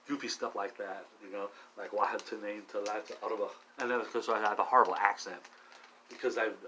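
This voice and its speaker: A middle-aged man vlogging alone while high, rambling with many restarts and frequent swearing. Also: pushed and bright, slight background noise, rough recording. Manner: meandering, profane, restless restarts. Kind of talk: rambling solo monologue.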